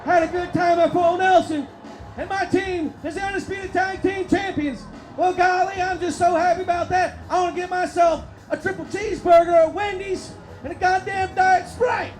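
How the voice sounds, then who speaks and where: A man's voice: very high-pitched, steady tone, normal speed, shouting, voice pushed up, low-quality recording. A man doing a folksy cussing wrestling manager. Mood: gleeful. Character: impression of a folksy, cursing middle-aged male wrestling manager. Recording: crowd and music behind.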